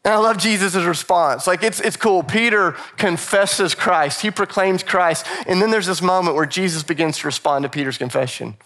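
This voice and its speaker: A man preaching a sermon, animated and repetitive for emphasis, acting out scripture quotes in casual voices. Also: high voice, normal speed, hardly any pauses. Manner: repeats phrases for emphasis. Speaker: pastor.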